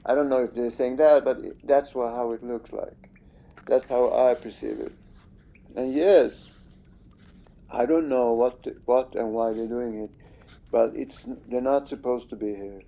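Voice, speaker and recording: A man's voice: medium pitch, steady tone, unhurried, dark tone. A man giving casual, rambling commentary over his own gameplay, accusing and swearing at the screen.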